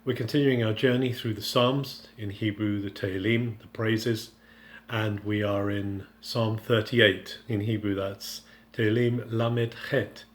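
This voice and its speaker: A man giving an earnest devotional Bible teaching, speaking unscripted with frequent halting restarts and paraphrasing scripture in the first person. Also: fairly low pitch, steady tone.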